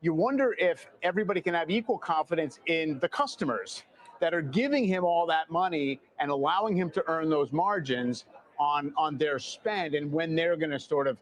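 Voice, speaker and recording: A man's voice: a little high, expressive, moderate pace. A man TV anchor asking thoughtful, probing questions in an interview.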